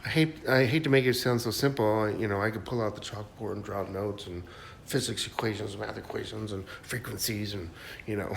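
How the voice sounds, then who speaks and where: Low-voiced man giving rambling spiritual talk. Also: lively intonation, normal speed, creaky. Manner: rambling, restarts, soft guided hushing at times. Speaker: spiritual channel host. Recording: faint background noise.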